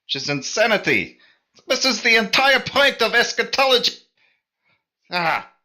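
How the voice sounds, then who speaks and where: A man's voice: fairly low pitch, slow pace, sharp tone. A man voicing an earnest male adventurer who exclaims his points with fervor. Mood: fervent. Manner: fervent, exclaiming.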